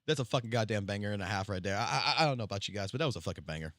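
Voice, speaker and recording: Male streamer, profane and rambling, bright forceful voice, dry close sound. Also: on the low side, lively intonation, racing, dry recording. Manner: profane, rambling, stammers on restarts. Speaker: livestreamer. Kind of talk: casual livestream commentary.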